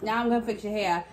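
A woman in a casual vlog, playfully scolding a toddler and talking to viewers. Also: a little high. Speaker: parent vlogger. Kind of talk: casual prank vlog talk.

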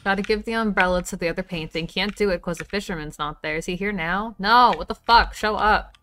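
A woman's voice: medium pitch, brisk, a bit bright, soft background music. A woman game streamer chatting casually as she plays, swearing freely and muttering to herself. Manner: swears freely, talks to herself while playing. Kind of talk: casual livestream chat while gaming.

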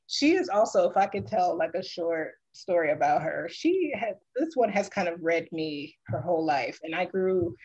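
Guest artist on a video call, low and warm, an animated storyteller who quotes others. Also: female voice, slightly rough, highs cut off.

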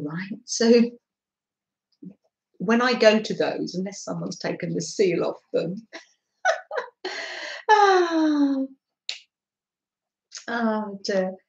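A woman's voice: medium pitch, a little mellow. A woman with a North London accent chatting casually with her live-stream viewers, giggling often and reading out their comments. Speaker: craft live-stream host. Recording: echoey room, slightly dull sound.

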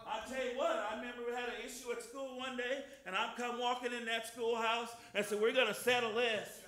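Fervent older man preaching, bright echo. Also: very high-pitched, flat delivery, brisk. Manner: fervent, shouting hallelujahs, drops soft for scripture. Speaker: guest preacher. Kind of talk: lively Easter sermon with scripture reading.

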